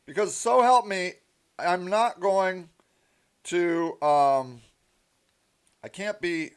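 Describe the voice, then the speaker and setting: A man's voice: high-pitched, extremely slow, smooth. A man hosting a casual livestream, reading comments aloud with sarcastic, indignant asides. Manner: animated and sarcastic, with indignant outbursts. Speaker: livestream host.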